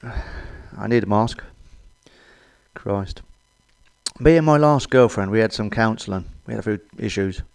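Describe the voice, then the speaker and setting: A man's voice: fairly low pitch, measured pace, gravelly, long pauses, a little mellow, clean tone, dry recording. A middle-aged British man doing a crude stand-up comedy monologue, blunt and cheeky, swearing often. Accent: British English.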